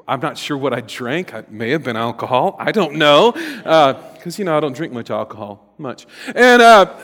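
A middle-aged man preaching from the pulpit, his voice sitting a little higher than most men's. He talks casually with fillers and restarts, then surges into loud emphasis. A long hall reverb trails every phrase. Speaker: pastor. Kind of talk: sermon. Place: church sanctuary.

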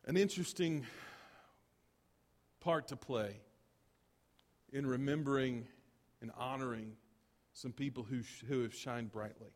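Animated preaching man in echoing church. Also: medium pitch, a little slow, long pauses. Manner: animated preaching, rising to loud emphatic bursts. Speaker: pastor. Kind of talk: sermon.

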